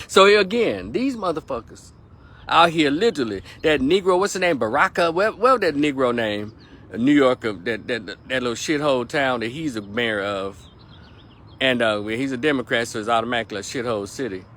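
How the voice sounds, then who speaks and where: A man's voice: medium pitch, fairly bright tone. Man ranting hotly in an opinion vlog. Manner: heated, profane, emphatic, repeats points for stress. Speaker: political commentator.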